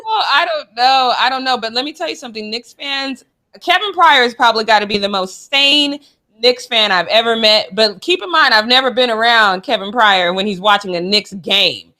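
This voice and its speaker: A young adult woman co-hosting a sports chat show, animated and playful. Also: on the high side, normal speed. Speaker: co-host.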